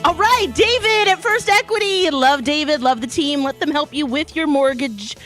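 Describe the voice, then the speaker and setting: Female radio co-host, Minnesota accent, slightly high voice, upbeat ad reader, faint music behind. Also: normal speed, fairly bright tone. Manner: upbeat, chiming in with quips. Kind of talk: live radio chat and sponsor read. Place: live broadcast studio.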